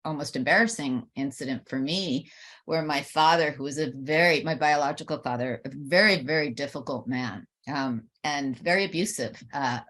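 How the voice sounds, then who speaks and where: An older woman on a podcast, earnestly telling a personal story and getting animated when she quotes people. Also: sits low, normal speed. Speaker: podcast co-host.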